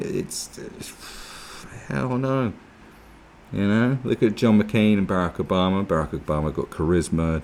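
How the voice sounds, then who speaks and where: A man's voice: lowish voice, a little mellow, a little hiss or hum. A man giving a casual, sweary, sarcastic commentary, reacting to an article with mocking asides. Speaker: political commentary vlogger.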